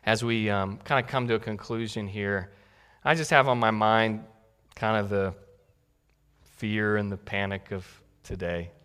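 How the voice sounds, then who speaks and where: A man's voice: lowish voice, steady tone, unhurried, smooth, big-room sound. A male pastor preaching a sermon in a conversational way that builds to emphatic peaks. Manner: conversational, warm asides, rising to emphatic peaks.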